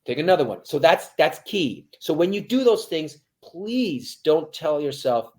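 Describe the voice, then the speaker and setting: A military veteran guest giving motivational interview talk, addressing listeners directly and swinging from hushed to loud. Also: male voice, on the high side, sing-song, unhurried, hardly any pauses.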